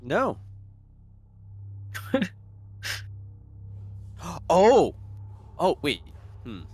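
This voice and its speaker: Quick, lively-voiced man playing a tabletop game. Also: fairly high pitch, breathy edge. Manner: quick, hesitant rambling. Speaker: player.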